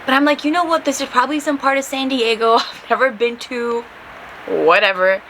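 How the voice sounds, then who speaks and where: A young woman hosting a podcast, telling a story in a casual, animated way and acting out the quotes, with some swearing. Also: on the high side, a little fast, slight background noise, low-quality recording. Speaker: podcast host.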